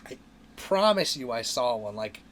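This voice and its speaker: A man's voice: mid-range voice, big pitch swings, normal speed, fairly bright tone. A young man co-hosting a podcast, talking as an enthusiastic fan in casual chat and swearing now and then. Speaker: podcast co-host. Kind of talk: casual movie review chat.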